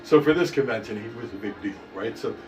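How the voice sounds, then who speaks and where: A man co-hosting a stream who tells stories in casual, animated chat, with a lot of swearing. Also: fairly low pitch, fast talker, faint music behind. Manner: profane, animated storyteller. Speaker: stream co-host. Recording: echoey room, distant mic, faint noise.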